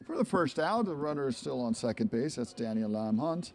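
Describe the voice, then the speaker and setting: A man calling a live baseball game play-by-play, chatty and rambling into asides between pitches. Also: animated, a little fast. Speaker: play-by-play commentator.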